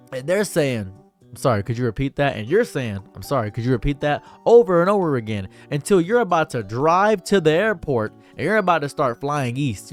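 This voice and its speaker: Exasperated young man ranting sarcastically. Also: mid-range voice. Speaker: commentary streamer. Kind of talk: ranting commentary.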